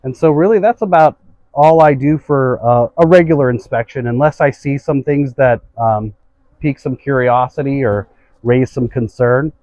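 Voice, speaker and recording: A man with a warm, mellow voice, talking a listener through a hive inspection. He explains calmly and unhurriedly. The sound is dry and a little dull, like a modest outdoor recording. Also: medium pitch, moderate pace, no room sound. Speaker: beekeeper. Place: outdoors at a beehive.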